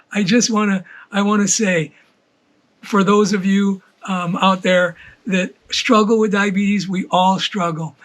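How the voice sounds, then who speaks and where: An older man from Hawaii, doing a rambling stand-up routine full of halting restarts. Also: high voice, fairly bright tone. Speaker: comedian.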